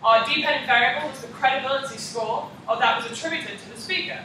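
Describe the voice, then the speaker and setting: Young woman, student presenter, reading slides with ums, crisp bright tone, distant mic, faint hiss. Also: high voice, fast. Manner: reads prepared slides, frequent ums. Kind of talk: class presentation practice. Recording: echoey room, mic far off.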